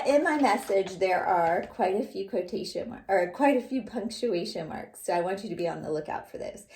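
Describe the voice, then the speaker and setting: A woman teacher giving a lesson to young children, speaking slowly and clearly. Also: medium pitch, dark tone, echoey room, a little hiss or hum. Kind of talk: classroom lesson.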